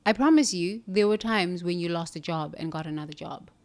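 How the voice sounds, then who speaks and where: A woman's voice: lowish voice, a little fast, a little mellow. Earnest woman coaching through a self-talk monologue. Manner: earnest, coaching, questions and answers herself. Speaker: self-help speaker. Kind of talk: reflective motivational monologue.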